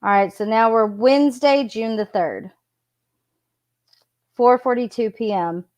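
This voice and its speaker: Slow-talking woman reading messages. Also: a little high. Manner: unhurried, reads quotes in a plain voice. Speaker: true crime commentator. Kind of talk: reading messages aloud with commentary.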